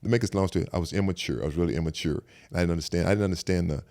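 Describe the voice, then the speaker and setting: Gravelly deep-voiced older man, fast. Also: warm tone. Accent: Southern American. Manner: reflective, repeats "I said" while retelling conversations. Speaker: podcast guest. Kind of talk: casual storytelling chat.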